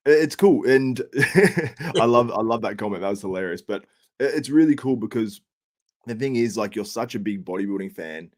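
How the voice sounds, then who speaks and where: A man's voice: medium pitch, animated. A man hosting a podcast in casual, upbeat, chatty talk. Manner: upbeat, chatty, quick to laugh along. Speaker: podcast host and analyst.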